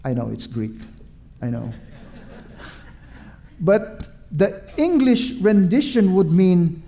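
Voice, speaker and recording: A man's voice: high-pitched, big pitch swings, takes it slowly, gravelly, long pauses, dark tone. A man preaching a sermon, emphatic and repetitive, drawing out his words and asking the listeners questions.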